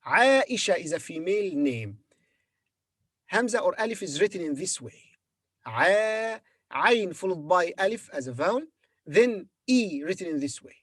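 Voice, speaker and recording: A man teaching the alphabet in a slow, patient spoken lesson, repeating each word and pausing with fillers. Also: sits high, very animated, a bit bright, no echo, studio quality. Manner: patient, repeats words slowly with hesitant fillers. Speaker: Arabic teacher.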